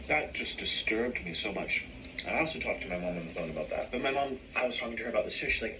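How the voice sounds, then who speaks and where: A man ranting on a vlog in a sarcastic, animated, complaining way. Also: medium pitch, fast, noisy background. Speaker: vlogger. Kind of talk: casual vlog rant.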